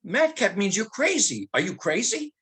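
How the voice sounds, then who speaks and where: A woman's voice: mid-range voice, very animated, moderate pace, a bit bright, husky, pitched above the performer's own voice, heavily acted. A man voicing his elderly immigrant mother with a Polish accent, fussing and scolding in a motherly way.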